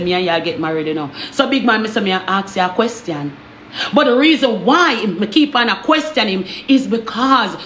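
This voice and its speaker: A woman's voice: a little high, fairly bright tone, roomy sound, a little hiss or hum. A woman with a Jamaican accent telling her own story in a heated, emphatic way, often stopping to ask if you understand.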